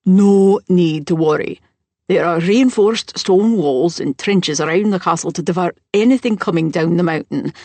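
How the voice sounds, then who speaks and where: A woman doing a firm, commanding baritone man. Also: normal speed, warm tone, no echo. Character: calm authoritative man, deep baritone.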